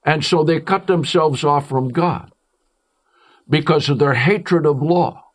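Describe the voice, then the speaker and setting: A male preacher delivering an emphatic sermon, declaiming with strong swings in pitch and pace. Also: takes it slowly.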